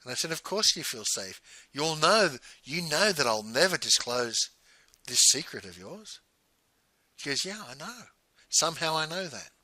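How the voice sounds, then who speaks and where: Bright-voiced man telling a story. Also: mid-range voice, dry recording, low-quality recording. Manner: conversational, often quoting dialogue. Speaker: host. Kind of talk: personal storytelling.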